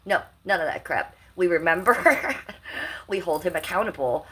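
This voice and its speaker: A woman's voice: fairly low pitch, expressive, normal speed, a bit bright. A woman in her fifties hosting a casual livestream, brash, profane and rambling as she reads out chat comments. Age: 50s. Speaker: livestream host.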